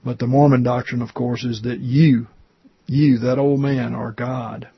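Husky man reading a testimony earnestly. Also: mid-range voice, level tone, no echo, highs cut off. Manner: earnest, slow reading with small stumbles. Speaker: reader. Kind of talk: reading a religious testimony aloud with comments.

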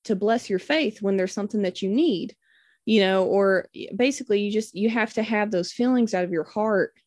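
A woman's voice: mid-range voice, moderate pace, a little mellow, dry recording, studio quality. A young woman giving a personal testimony to a church group, rambling with many fillers and acting out quoted lines.

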